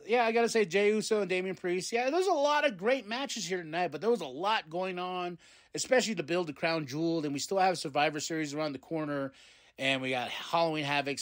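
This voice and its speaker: A man's voice: fairly high pitch, a bit bright. A man hosting a podcast, casually recapping a wrestling show and acting out what the wrestlers said. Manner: rambling, acts out quotes in quick voices. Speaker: podcast host.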